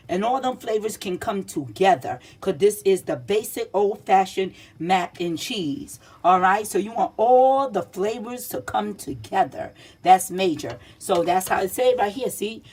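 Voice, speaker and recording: A woman's voice: medium pitch, darkish tone, husky. A woman giving a casual cooking demonstration in a home kitchen. She talks in a chatty, repetitive, teacherly way, keeps checking in with her listeners, and speaks directly to kids and teens. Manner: chatty and repetitive, checks in with "see?" and "all right?". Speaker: home cook.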